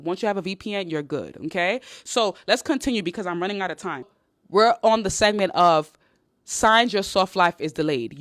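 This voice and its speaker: A woman's voice: fairly low pitch, no echo, clean studio sound. A woman from Nigeria, an online business coach, giving a blunt, casual pep talk. She swears and repeats lines for emphasis.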